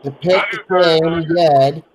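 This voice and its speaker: A man's voice: a little high, steady tone, a little slow, lo-fi sound, noisy background. A man chatting playfully, asking the others teasing questions. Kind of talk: casual group chat.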